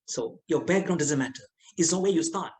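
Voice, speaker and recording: Speaking briskly in a voice on the high side, a middle-aged man with a Malaysian English accent teases and engages students during an animated online lecture, often firing questions at them. The recording sounds poor.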